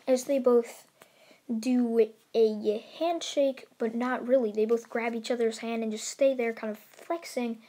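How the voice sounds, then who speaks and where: High, husky-voiced woman telling a fan story. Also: a little mellow. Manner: rambling, with fillers and restarts. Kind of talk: casual fan-fiction narration.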